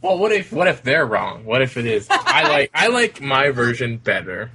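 A man's voice: mid-range voice, big pitch swings, moderate pace, pushed and bright. A man co-hosting a podcast in a casual chat, giggly and rambling with frequent restarts. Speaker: podcast co-host.

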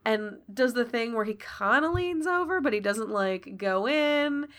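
A woman's voice: fairly high pitch, expressive, a little slow, fairly bright tone. Woman running a tabletop game. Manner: casual, chatty, many fillers. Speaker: game master. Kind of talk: narrating a tabletop role-playing game.

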